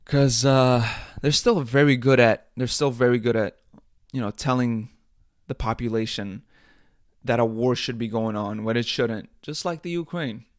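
A man hosting a podcast, talking in a casual comedic rant, animated and profane, rambling with frequent restarts. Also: medium pitch, normal speed. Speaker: podcast host.

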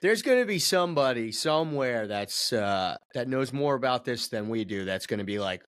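A man's voice: mid-range voice, expressive, moderate pace, few pauses, a bit bright. A man co-hosting a sports podcast, chatting casually and laughing often at jokes. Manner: joking, laughs a lot. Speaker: podcast co-host.

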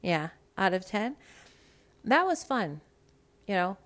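A young woman hosting a casual reality TV recap, blunt, profane and animated. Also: mid-range voice, takes it slowly. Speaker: podcast host.

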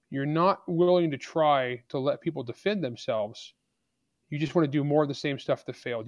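A man's voice: mid-range voice, darkish tone, no room sound, highs cut off. A man speaking as an author and guest on a podcast interview, arguing his points bluntly and with emphasis.

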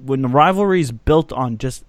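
A man's voice: medium pitch, lively intonation, moderate pace, dry recording. Dry-sounding male sports podcast host. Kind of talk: casual sports chat.

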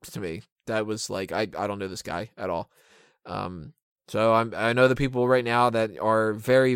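A man's voice: medium pitch, clear, resonant tone, no echo, studio quality. A man giving an opinionated, sarcastic casual review of a wrestling show, swearing freely. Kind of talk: casual commentary.

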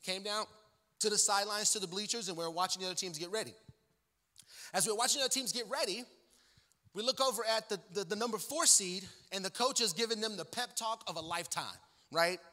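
A guest pastor tells a joking story during a sermon in a church sanctuary, speaking loosely and conversationally with plenty of fillers. His voice is high, fast, and sharp-toned, and the recording carries long church-hall reverb.

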